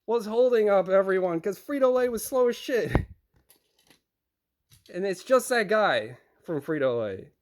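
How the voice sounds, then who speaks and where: A man's voice: high voice, a little mellow. A young man telling a rambling, profane story about a run-in at work, acting out the other people's lines. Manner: profane, rambling, acts out quoted voices. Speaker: overnight grocery receiver. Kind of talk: casual storytime rant.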